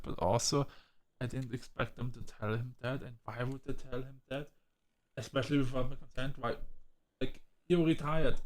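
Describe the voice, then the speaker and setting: A man's voice: mid-range voice, a little mellow. Male gamer ranting and swearing. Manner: heated, swearing rants at the characters. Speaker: game streamer. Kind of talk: let's play commentary.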